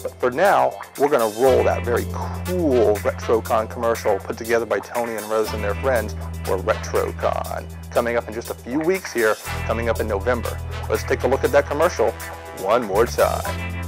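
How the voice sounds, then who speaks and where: A man hosting a show in a deliberately deep, low monotone voice. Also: gravelly, over music, low-quality recording. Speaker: show host.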